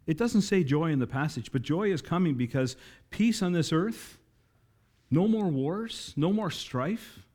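Speaking at a measured pace, this pastor has a fairly high, slightly mellow voice with lively intonation. His sermon rises to emphatic, stirring climaxes, and he often addresses the congregation directly.

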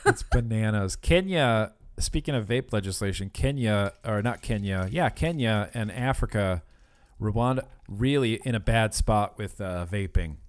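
A man's voice: on the low side, animated, a little slow. A man co-hosting a podcast in casual chat, rambling with lots of fillers and restarts. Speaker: podcast co-host.

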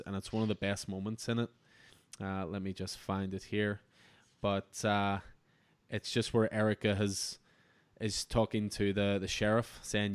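Guy on a comics podcast, lowish smooth voice, super dry close mic, gets excited and rambles. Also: no echo. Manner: enthusiastic, rambling with restarts. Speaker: comic book podcast host. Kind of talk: casual review chat.

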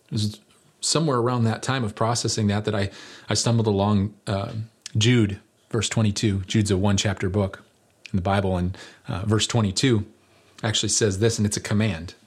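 Male pastor, lowish husky voice, earnest conversational sermon with humor. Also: steady tone, fairly quick. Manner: earnest, building to emphatic peaks, with light humor.

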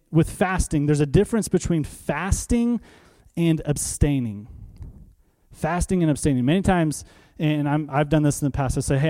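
A man's voice: on the high side, warm tone. A man preaching a sermon to a congregation, asking questions and answering them himself, repeating key phrases for emphasis. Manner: conversational, asks the room questions and answers them.

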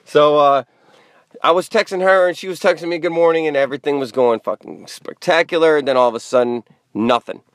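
A man's voice: a little high, brisk, no room sound, studio quality. A man telling a rambling dating story in a blunt, profane, casual way, full of fillers. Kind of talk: crude casual storytelling monologue.

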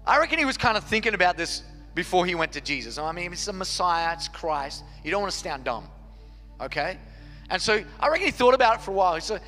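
Bright-voiced man preaching. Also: sits high, very animated, fast. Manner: earnest, repetitive preaching cadence. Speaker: pastor. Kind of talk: sermon. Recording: long reverb hall with faint music.

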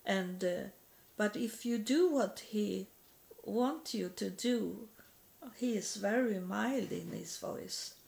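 A woman from Sweden speaking English, giving a halting personal religious testimony with repeated words and broken grammar. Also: medium pitch, gravelly, a little mellow.

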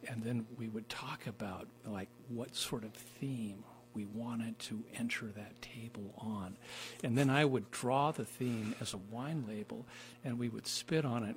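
A man hosting a casual conversation, playful and laughing a lot, talking in halting phrases. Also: mid-range voice, sharp tone, a little hiss or hum. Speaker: host.

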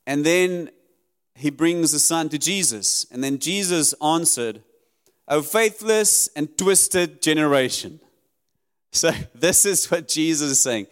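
A man's voice: on the high side, animated, measured pace, smooth. A man preaching a sermon, earnest and conversational, reading and paraphrasing scripture in a church.

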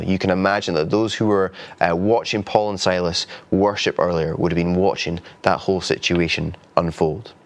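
A man preaching a sermon in an earnest, conversational way, with frequent restarts. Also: sits low. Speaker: pastor.

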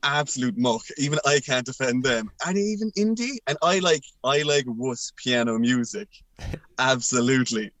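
Irish guy ranting about old bands, jokey and animated, mid voice, no room sound. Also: mid-range voice, no echo. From Ireland. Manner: animated, jokey, quick bursts of exclamation. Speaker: podcast guest. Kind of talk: casual chat.

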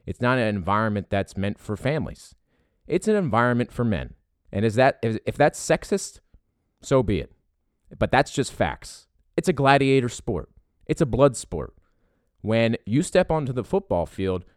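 A man's voice: on the low side, dry recording, clean studio sound. A man from Philadelphia with a Philadelphia accent, delivering a profane, heated opinion rant about sports fans.

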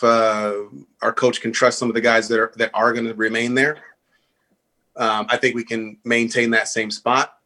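A man's voice: medium pitch, sharp tone. A man co-hosting a casual sports podcast, opinionated, leaning on "I think" and lots of fillers. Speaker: podcast co-host.

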